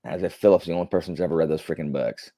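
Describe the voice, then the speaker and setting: Racing through casual chat as he reads viewer comments, this man hosts a live stream in a low, warm voice with fairly even intonation. He rambles, fills gaps with fillers, and gives blunt opinions, all captured in dry, clean studio sound.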